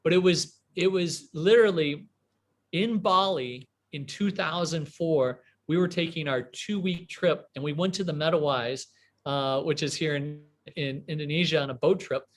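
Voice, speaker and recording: A man in his forties from a small Midwestern town, telling a rambling, animated story as an interview guest, full of fillers and restarts. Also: fairly high pitch, moderate pace. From US Midwest, small town near Chicago. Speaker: guest entrepreneur.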